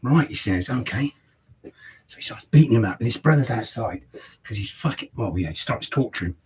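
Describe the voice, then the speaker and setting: Cutting a customer's hair, this barber tells a long, rambling story packed with profanity. He talks fast in a fairly low, slightly rough voice with lively intonation, and the recording is rough.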